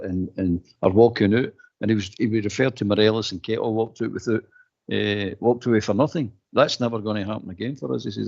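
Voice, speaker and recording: Emphatic Scottish man on lo-fi audio. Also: vocal fry. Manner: forceful, emphatic, rising pitch when insistent. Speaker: radio show panelist. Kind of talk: casual football phone-in chat. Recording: dull lo-fi audio.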